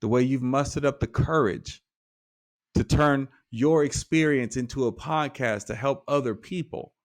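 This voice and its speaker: A man, a life coach guest on a podcast, telling a parable with lively acted-out dialogue. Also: mid-range voice. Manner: animated storyteller acting out dialogue. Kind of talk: storytelling in conversation.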